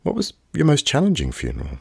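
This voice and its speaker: A podcast host asking measured, reflective questions and offering brief murmurs of agreement. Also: medium pitch, wildly swooping pitch, vocal fry, husky, dry recording, clean studio sound. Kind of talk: interviewing.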